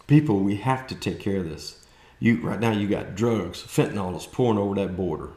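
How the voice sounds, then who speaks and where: Fired-up South Texas man, low-pitched, plain-spoken commentator, recorded in a roomy space. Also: expressive, normal speed, darkish tone. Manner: blunt, folksy, fired-up ranting with mocking quoted voices. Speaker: political commentator vlogger. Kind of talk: opinionated monologue.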